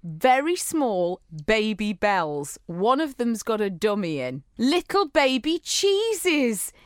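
Brief: bubbly woman podcast co-host, slightly high, playful and animated. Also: takes it slowly, clean tone, no room sound, clean studio sound. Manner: playful, giggly, teasing. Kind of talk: casual chat.

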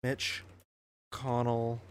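A man hosting a podcast, reacting to news clips in an excitable, profane, casual way. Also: mid-range voice, drawn-out words, smooth. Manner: excitable, profane, laughs a lot. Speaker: podcast host.

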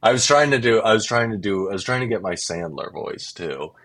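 A man's voice: on the low side, animated, brisk, a bit bright. A man chatting as a podcast guest, casual and hesitant, and reading a lead role in a comedic script read-through. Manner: casual, hesitant, lots of fillers when chatting.

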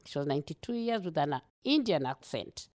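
A woman with a Kenyan accent, a guest telling her own story in an interview, earnest and animated, laughing often. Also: low-pitched, fairly quick.

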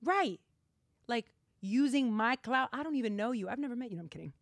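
A woman's voice: on the high side, expressive, fairly quick, creaky, dry recording. A young woman hosting a podcast, chatty and giggly, filling her talk with "like". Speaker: podcast host. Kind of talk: casual chat.

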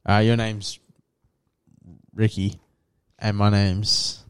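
A young man co-hosting a podcast in casual chat, quick to laugh and swearing often. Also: fairly low pitch, flat delivery, clean tone. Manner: laughs easily, swears a lot. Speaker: podcast co-host.

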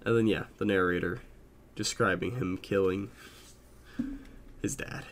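A man's voice: low voice, steady tone, unhurried, a little hiss or hum. A man co-hosting a podcast in casual chat, rambling with many fillers and swears. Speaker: podcast co-host.

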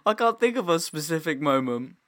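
Bright, lively, teasing man. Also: on the high side, a little fast. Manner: teasing, laughing. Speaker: podcast co-host. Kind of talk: casual chat.

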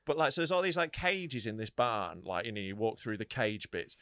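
A man's voice: on the low side, fairly quick, a bit bright. A young man telling a story in casual podcast chat. He swears freely and acts out the people he describes. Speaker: podcast co-host.

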